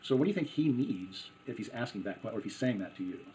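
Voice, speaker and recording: Low-voiced quick man asking questions. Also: animated, mellow, a little hiss or hum, poor audio. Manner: probing, with frequent backchannel murmurs. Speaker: interviewer, conflict coach. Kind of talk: conversational interview.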